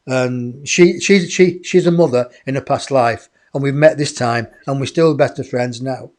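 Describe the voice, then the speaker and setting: A man, a guest in an interview, telling a personal story in a lively way and acting out other people's voices. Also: medium pitch, moderate pace. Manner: animated, acts out others' voices.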